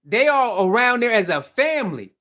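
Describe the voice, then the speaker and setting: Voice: medium pitch, big pitch swings, moderate pace, bright, forceful tone. A sports commentary vlogger giving casual, opinionated takes, firing off rhetorical questions and repeating points in slangy speech.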